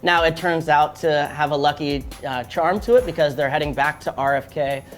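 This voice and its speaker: A man's voice: a little high, normal speed. A man in his thirties talks soccer in a loose, easygoing way, with plenty of quips and small fillers. He sounds like a former player sharing opinions in a studio, with faint music playing underneath. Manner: relaxed, joking, speaks in loose bursts with fillers. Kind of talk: casual sports chat.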